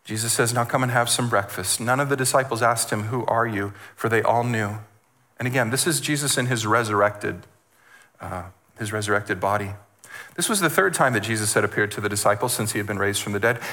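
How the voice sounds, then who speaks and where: A man preaching as a guest speaker, animated, repeating words and acting out the voices he quotes. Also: on the low side, fairly quick. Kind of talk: sermon.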